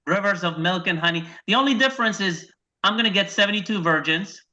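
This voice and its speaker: A man from Iraq doing a stand-up set over a video call, telling deadpan one-liners and acting out his wife and his dog. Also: high voice, fast. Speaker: stand-up comedian. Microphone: video call microphone. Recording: dull lo-fi video call audio.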